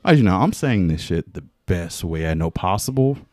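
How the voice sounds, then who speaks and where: A young man tells a story in casual slang, his pitch jumping all over as he acts things out and laughs. His voice sits a little low, and the recording is dry and close with no room sound. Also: sing-song, normal speed, darkish tone, dry recording. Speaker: podcast co-host. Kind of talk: casual chat.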